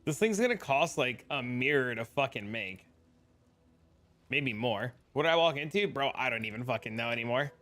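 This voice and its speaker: A man's voice: mid-range voice, animated, moderate pace, a bit bright. A young man streaming a game, chatting casually and swearing as he answers chat. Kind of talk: casual live-stream commentary.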